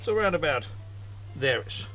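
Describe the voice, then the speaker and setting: A man's voice: on the high side, very animated, moderate pace, bright, forceful tone. A man hosting a gardening video outdoors in his garden, chatting casually through a how-to with self-mocking asides.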